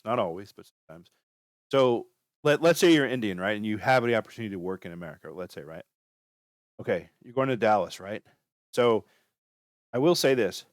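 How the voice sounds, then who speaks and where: A man's voice: medium pitch, dry recording, studio quality. A man talking casually as he gives career advice, rambling and full of fillers. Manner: rambling, filler-heavy, chatty. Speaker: channel host giving career advice.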